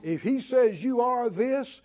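Animated, high-voiced male preacher. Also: takes it slowly. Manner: animated, acts out Bible figures with chuckles. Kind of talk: sermon.

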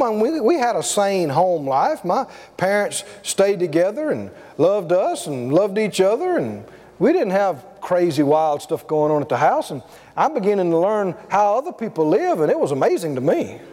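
High-voiced, lively storytelling preacher man. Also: long reverb tail. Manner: animated storytelling, chuckling. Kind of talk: sermon.

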